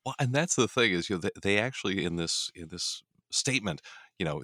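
A young adult male pastor in casual Bible study talk, animated, often acting out quoted voices with a laugh, recorded on a studio mic. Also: low voice, fairly quick, no echo. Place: radio studio.

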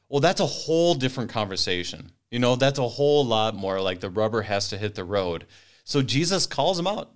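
A man's voice: fairly low pitch, expressive, a little fast, clean tone. A man in a casual Bible study discussion, speaking conversationally and applying the passage to everyday life.

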